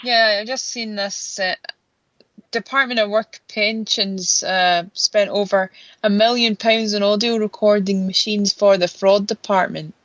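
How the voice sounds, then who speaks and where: A woman's voice: medium pitch, steady tone, measured pace, fairly bright tone, no room sound, highs cut off. A woman co-hosting an internet radio show, chatting in a matter-of-fact way with hesitant fillers. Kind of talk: casual talk radio chat.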